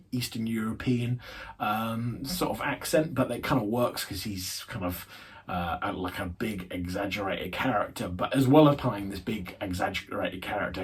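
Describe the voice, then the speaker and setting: A man's voice: on the low side, breathy edge. A man giving an unscripted film review, rambling with many fillers and hedges.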